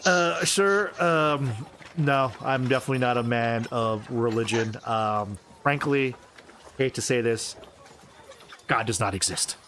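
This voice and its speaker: A man's voice: medium pitch, measured pace, a bit bright, a little hiss or hum, lightly acted. A man voicing a stern male guard who speaks formally and keeps saying sir. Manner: formal, stiff, addresses people as sir.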